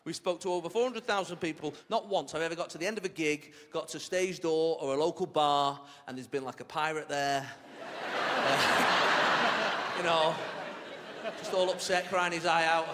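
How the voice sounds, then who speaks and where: A male stand-up comedian doing a set with a cheeky, animated delivery, slipping into silly character voices. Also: a little high, normal speed, in a large hall, a little hiss or hum. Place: large theatre stage. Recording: live theatre recording with audience laughter.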